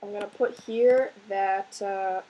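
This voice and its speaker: A woman with a dark, mid-range voice and fairly even intonation teaches a recorded Spanish lesson. She explains patiently and slowly, step by step, regularly asking "right?" to check in, and the recording is rough.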